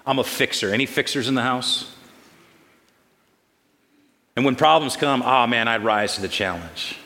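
A pastor preaching a sermon, lively and storytelling, putting on voices and asking the congregation questions. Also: male voice, mid-range voice, normal speed. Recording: long hall reverb.

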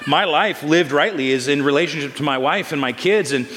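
A pastor preaching a sermon, lively and storytelling, putting on voices and asking the congregation questions. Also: male voice, fairly high pitch, brisk, a little hiss or hum. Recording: long hall reverb.

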